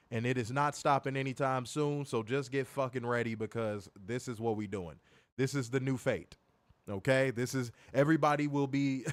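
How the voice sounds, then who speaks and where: A man's voice: mid-range voice, no room sound. A man hosting a wrestling review stream, ranting in a profane, mocking, emphatic way. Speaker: wrestling show host. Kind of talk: casual profane rant on a livestream.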